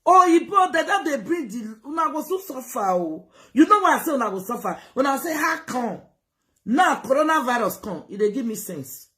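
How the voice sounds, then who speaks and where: A woman with a Nigerian Pidgin accent giving advice in a casual talk, animated and lecturing, switching between Pidgin and English. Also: fairly high pitch, moderate pace. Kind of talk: casual live-stream talk. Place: United Kingdom.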